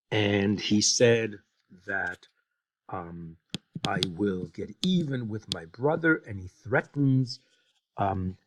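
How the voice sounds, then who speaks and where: A man retells a Bible story as a lesson, voicing the characters' lines as he goes. His pitch swings widely while his pace stays slow and deliberate. He often pauses on fillers between phrases. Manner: lively storytelling with acted-out quotes and fillers. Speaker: Bible teacher.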